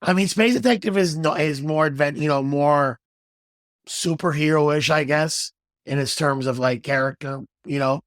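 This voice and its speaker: Laid-back man, slightly high voice. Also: moderate pace, no echo, studio quality. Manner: laid-back, laughs easily, swears. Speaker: podcast co-host. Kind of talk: casual chat.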